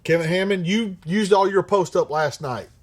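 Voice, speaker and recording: A man's voice: high voice, moderate pace. A middle-aged man hosting a livestream, reading viewer comments aloud in a blunt, profane manner and laughing often. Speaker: livestream host.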